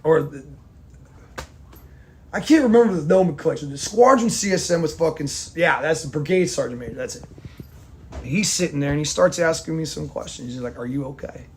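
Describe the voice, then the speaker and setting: A man's voice: a little high, lively intonation, fairly quick, a little mellow, a little hiss or hum. A man who served in the army, telling a war story in a blunt, rambling monologue full of swearing. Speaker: army veteran vlogger.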